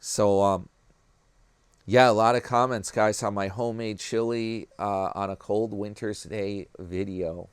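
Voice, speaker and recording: A man's voice: on the low side, fairly even intonation, unhurried, clear, resonant tone, no room sound. A man with a New York accent chatting casually to his viewers, rambling from one thing to the next and calling them "guys" and "man". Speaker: YouTube commentary vlogger.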